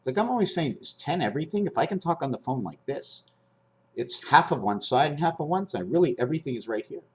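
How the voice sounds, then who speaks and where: A man in his fifties rambling through a spiritual monologue to camera, swinging between high loud bursts and low muttering. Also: big pitch swings, quick pace. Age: 50s. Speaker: vlogger.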